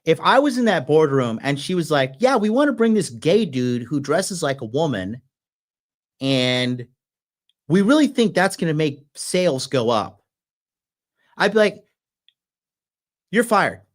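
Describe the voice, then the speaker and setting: A man's voice: fairly high pitch, big pitch swings, measured pace. A man hosting a show, ranting aggressively with constant profanity. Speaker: podcast host. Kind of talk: ranting commentary.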